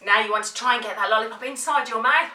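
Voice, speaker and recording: A woman leading a child through a playful drama warm-up, coaxing and encouraging. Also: fairly high pitch, fast talker, far from the mic. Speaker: drama teacher. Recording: roomy, from off the mic.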